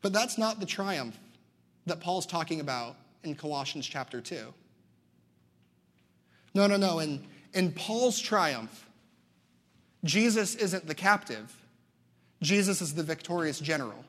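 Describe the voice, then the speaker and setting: A young man preaches from the pulpit, telling stories with lively emphasis and a slightly high voice. His words ring out with a long hall reverb behind them. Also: measured pace, long pauses. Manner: animated storytelling preacher. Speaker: pastor. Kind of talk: sermon.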